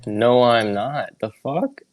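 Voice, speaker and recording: A man playing in an online tabletop game, playful and quick to protest. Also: mid-range voice, no echo. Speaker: player. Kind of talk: casual tabletop play.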